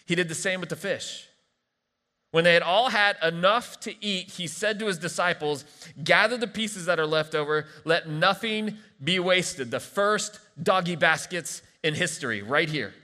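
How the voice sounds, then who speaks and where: A man preaches to his congregation, reading scripture and dropping in wry jokes between points. His voice sits a little high and comes across bright and forceful. The room behind him rings with a long hall reverb. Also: normal speed. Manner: playful, joking asides between scripture reading. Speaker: pastor. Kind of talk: sermon. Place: large church hall.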